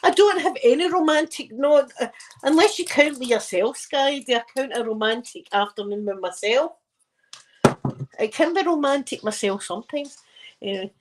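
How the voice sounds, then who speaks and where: A woman's voice: high voice, animated, normal speed, background noise. A woman with a Scottish accent chatting casually with her viewers from her living room, telling stories and laughing often. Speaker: live chat host.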